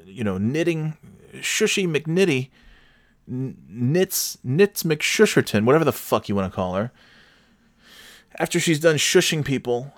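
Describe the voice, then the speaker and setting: A man's voice: lowish voice, no room sound, studio quality. A middle-aged man telling a story in a casual, profane and exasperated rant, full of restarts and sarcastic asides.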